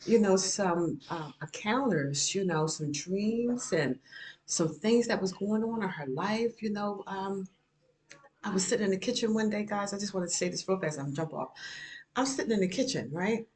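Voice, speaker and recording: A middle-aged woman vlogs from her home kitchen in a mid-range, darkish voice with lively intonation and normal speed. She rambles in casual chat, repeating herself and dropping "you know" again and again.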